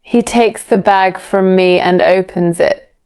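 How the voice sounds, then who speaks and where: A woman's voice: medium pitch, fairly even intonation, slow pace, a little mellow, clear, resonant tone. A woman narrating a graded storybook for English learners in a careful, evenly paced reading.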